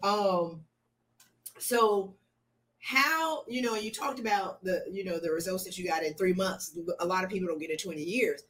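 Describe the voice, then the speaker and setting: A woman's voice: medium pitch, moderate pace, fairly bright tone. A woman coach hosting an interview, speaking earnestly and repeating key lines for emphasis in a motivational way. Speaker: coach and host.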